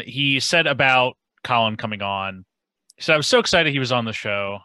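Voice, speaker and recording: Male podcast guest, sharp and bright, dry close mic, thoughtful and hedging in his delivery. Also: mid-range voice, dry recording, low-quality recording. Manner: hedging, thoughtful, heavy use of "like" and "kind of". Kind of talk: casual podcast discussion.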